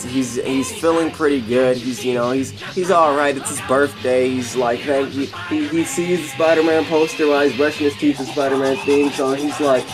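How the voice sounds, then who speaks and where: A man casually retelling a film scene by scene, rambling and repeating himself as he goes. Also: mid-range voice. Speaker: video host.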